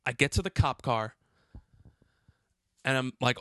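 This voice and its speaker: A man's voice: mid-range voice, moderate pace, long pauses, fairly bright tone, clean tone, no room sound, studio quality. A man who works as a hotel doorman tells a story on a podcast, agitated and swearing, often restarting his sentences. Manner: profane, heated, agitated retelling with many restarts. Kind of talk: casual storytelling.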